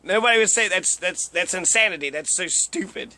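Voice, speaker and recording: A man's voice: high-pitched, lively intonation, brisk, bright, forceful tone. A young man giving casual, profane commentary while reading through a list, ranting and mocking. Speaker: video commentator.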